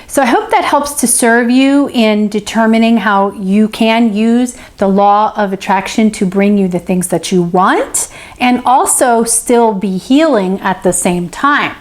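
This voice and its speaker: A woman's voice: medium pitch, a little slow. A woman hosting a spiritual self-help channel, teaching to camera in an encouraging way that keeps checking in with "okay?" and repeats phrases for emphasis. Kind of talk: teaching to camera, answering a viewer.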